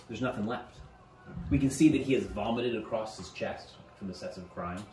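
A man narrating a tabletop game as game master, halting now and then and repeating words. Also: on the low side, dark tone. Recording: roomy, distant mic, faint music.

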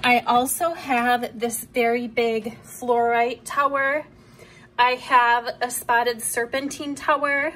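Young woman vlogger, bright high voice, slow gushing delivery, faint room hiss. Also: little pitch movement. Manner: enthusiastic, gushing, drops to soft asides. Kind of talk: casual show-and-tell. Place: home room.

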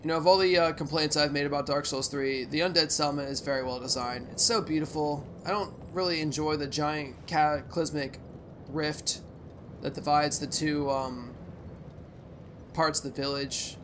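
A young man hosting a let's play, giving rambling, profane gameplay commentary with sudden loud outbursts. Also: fairly high pitch, fairly even intonation, normal speed, background noise.

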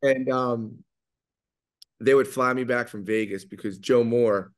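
A middle-aged man with a New York accent, talking fast and loud as he tells animated stories in an interview. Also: mid-range voice. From New York area. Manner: fast, loud, animated storyteller who acts out quotes. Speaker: guest, pizza maker. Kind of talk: storytelling in an interview.

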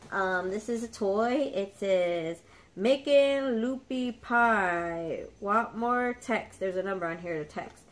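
A young woman casually chatting as she unboxes a dog subscription box, excitable and gushing, stopping to talk to her dogs. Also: medium pitch, takes it slowly. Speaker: dog channel vlogger.

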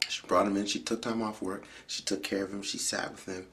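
A man with a low, deep voice tells a personal story as a public speaker. He speaks earnestly and lets his voice fall to hushed, almost whispered lines for weight. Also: level tone, a little fast, slight background noise. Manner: earnest, drops often to hushed near-whispers for emphasis.

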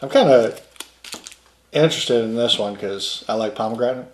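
A man hosting a casual snack taste test, chatty and relaxed, often laughing between bites. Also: mid-range voice, moderate pace. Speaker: snack reviewer host. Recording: echoey room.

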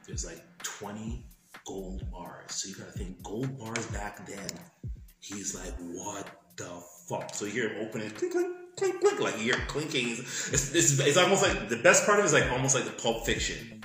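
Over music, a man with a lowish voice talks at a moderate pace while co-hosting a podcast. He gives an animated, profane retelling of a film plot, complete with acted-out sound effects, in a casual storytelling chat recorded in an echoey room.

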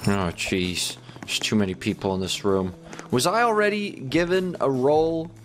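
A man hosting a gaming video, giving excitable commentary and talking to viewers, with stammered repeats. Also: medium pitch, normal speed, music in the background.

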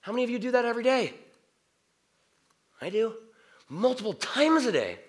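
A middle-aged man preaches in a church in a loose, conversational way. His pitch moves a lot, and he slips into quiet prayer before bursting out with animated asides. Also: moderate pace. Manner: conversational, jumps between hushed prayer and animated outbursts. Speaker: pastor. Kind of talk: sermon. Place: church sanctuary.

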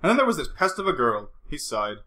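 Man, audiobook narrator, animated storytelling, quick, slightly high voice. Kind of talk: audiobook reading. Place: room at home.

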